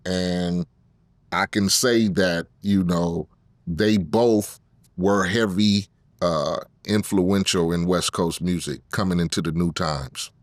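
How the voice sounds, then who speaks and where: A middle-aged man from Compton in a casual interview, talking slowly with drawn-out ums between his thoughts. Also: low-pitched, steady tone, no echo, clean studio sound. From Compton, California. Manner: unhurried, fills pauses with drawn-out ums. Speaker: guest rapper.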